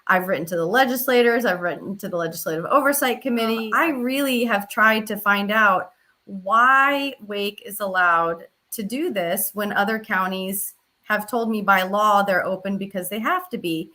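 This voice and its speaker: A woman's voice: mid-range voice, moderate pace, sharp tone. A woman advocate for election observation, telling her story earnestly in an interview. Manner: earnest, recounts events with quoted dialogue.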